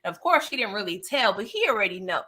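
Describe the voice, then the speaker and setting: A woman's voice: medium pitch, fast talker. Sassy, chatty woman recapping a show. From New York. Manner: chatty, sassy, animated asides with frequent "okay?". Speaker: TV recap vlogger. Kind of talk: casual episode recap.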